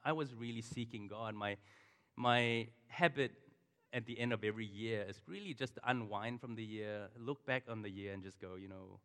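A personal story anchors this middle-aged pastor's sermon, delivered in a conversational manner with asides to the congregation. His voice is fairly low and a bit bright at a moderate pace, ringing with the long reverb of a large church hall.

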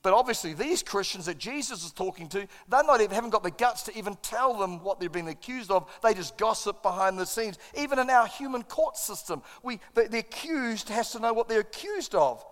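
A man preaching a sermon, an animated storyteller who acts out his own lines. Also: sits high, brisk, hardly any pauses, big-room sound. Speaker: pastor.

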